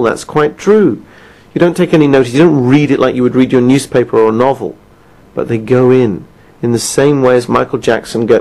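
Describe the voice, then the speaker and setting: A man's voice: a little high, a little mellow, rough recording. A middle-aged British man from the United Kingdom giving a persuasive quit-smoking talk, asking the listener rhetorical questions. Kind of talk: recorded self-help talk.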